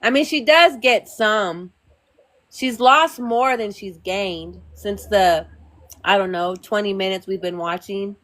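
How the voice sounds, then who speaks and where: A woman's voice: medium pitch, slow, a bit bright. A woman co-hosting a live stream, teasing and chatty in casual talk, saying y'all.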